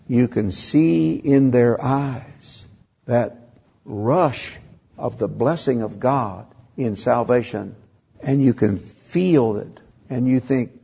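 A man's voice: mid-range voice, gravelly, dark tone, breathy edge, lo-fi sound. An older man preaching a sermon, telling a story and acting out the dialogue. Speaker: pastor.

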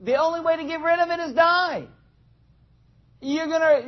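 A man's voice: extremely high pitch, normal speed. A man preaching a conversational sermon to a church congregation, asking them questions and acting out little scenes. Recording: dull lo-fi sound.

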